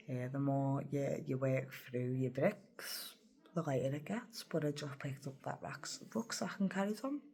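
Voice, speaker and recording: A woman's voice: low voice, gravelly, darkish tone. A woman telling a personal story in a rambling, emotional vlog, often dropping to a whisper. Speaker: vlogger.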